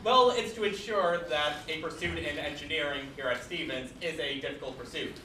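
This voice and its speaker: A man's voice: fairly high pitch, fairly quick, close to an everyday voice. A young man in a student comedy sketch playing a pompous university official who mock-apologizes. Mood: smug. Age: young adult. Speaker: sketch actor. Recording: echoey room, far mic, noisy.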